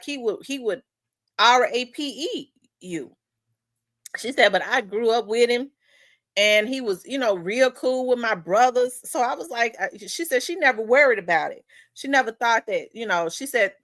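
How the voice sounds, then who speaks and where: A woman's voice: on the high side, fairly bright tone, dry recording. A woman host telling a story in casual chat, talking in winding asides and repeating herself.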